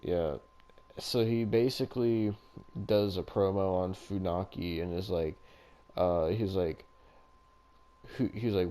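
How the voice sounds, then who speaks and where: A man with a low, mellow voice chats loosely about a wrestling show on a podcast. He rambles, swears freely and breaks into laughs. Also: slow pace, pauses often. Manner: rambling, profane, laughs often. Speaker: podcast co-host. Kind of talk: casual wrestling recap chat.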